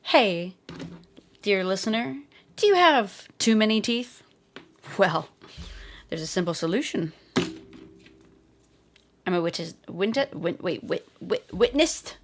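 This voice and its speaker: A woman's voice: medium pitch, expressive, takes it slowly, long pauses. A woman voicing a cheesy radio commercial announcer with a salesy, stumbling delivery. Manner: salesy, stumbles over words.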